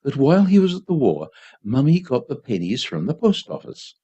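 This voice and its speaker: A man reading a hushed, gentle mother. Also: medium pitch, wildly swooping pitch, normal speed, husky. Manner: soft, hushed and soothing. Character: patient young mother, soft and gentle. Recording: dull lo-fi community radio.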